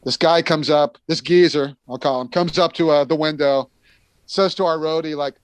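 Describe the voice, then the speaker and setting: Rambling American man, slightly high voice. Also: steady tone, moderate pace, smooth, dry recording. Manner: rambling, many fillers and restarts, acts out quoted voices. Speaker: bassist guest telling tour stories. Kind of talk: casual storytelling chat.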